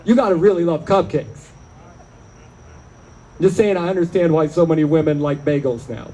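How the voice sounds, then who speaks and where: Man comic working a club set, wry and chatty, high-pitched, crickets faint behind. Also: dark tone, a little hiss or hum, low-quality recording. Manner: chatty, wry, riffing with the crowd. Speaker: stand-up comedian. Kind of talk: stand-up set. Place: small bar or club, live show.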